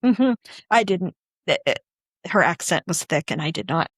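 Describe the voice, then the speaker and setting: A woman's voice: fairly low pitch, animated, moderate pace, husky, dry recording. Chatty woman, dry close sound. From Northwestern Pennsylvania. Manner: rambling, chatty, full of restarts. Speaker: podcast co-host. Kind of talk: casual chat.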